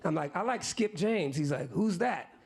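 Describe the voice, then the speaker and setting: A man in his fifties, his voice gravelly and a little husky, sits slightly high for a man. He spins a long story on stage in loose slang, talking straight to the crowd now and then. He mimics the people in his tale as he tells it. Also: moderate pace. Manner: animated, acts out other people's lines in quotes; casual slang-filled talk with asides to the audience. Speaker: musician guest. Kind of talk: live storytelling to an audience.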